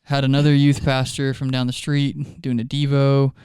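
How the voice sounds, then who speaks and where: Chatty man with a smooth, dry voice. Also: medium pitch, completely flat delivery, moderate pace, a little mellow, dry recording. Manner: chatty storyteller, laughs often mid-sentence. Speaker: youth ministry leader. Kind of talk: casual podcast chat.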